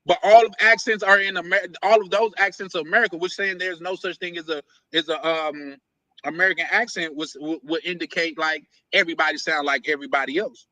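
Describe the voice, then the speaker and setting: A man hosting a casual live stream from his basement office, asking teasing questions in a halting, repetitive way. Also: fairly high pitch, steady tone, pushed and bright, no room sound, poor audio. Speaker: stream host.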